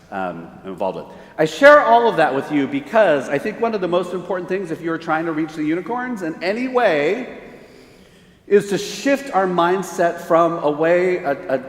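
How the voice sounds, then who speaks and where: Middle-aged pastor guy telling stories at a conference, kinda high voice, big echoey hall. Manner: conversational, animated storyteller acting out quoted voices. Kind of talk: conference talk with storytelling. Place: large hall. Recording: echoey hall, long reverb.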